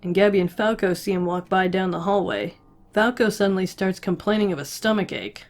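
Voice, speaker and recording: A woman's voice: mid-range voice, a little fast. A woman recapping an anime episode in casual narration, chatty and sarcastic, leaning on lots of "like" fillers.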